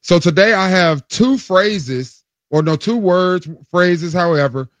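A man with a slightly high voice quizzes the host in a playful, teasing way. The sound is close and dry. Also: slow pace, dry recording. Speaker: radio segment guest. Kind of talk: casual radio chat.

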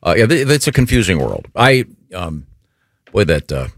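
Low voiced radio host guy, bouncy pitch, halting with uhs, dry mic. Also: sing-song, no echo. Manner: halting, lots of uhs, wry. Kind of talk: casual morning radio banter.

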